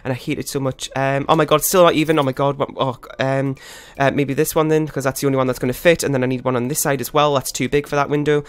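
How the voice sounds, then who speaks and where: A man's voice: mid-range voice, little pitch movement, fast, hardly any pauses, smooth. A man talks through his gameplay in a frazzled, rambling way, scolding himself as he goes. His voice sits in an ordinary middle range. It is recorded close on a desk microphone with a dry, deadened sound and no room echo. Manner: flustered, rambling, self-critical. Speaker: gaming channel host. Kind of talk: live gameplay commentary. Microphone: desktop USB microphone.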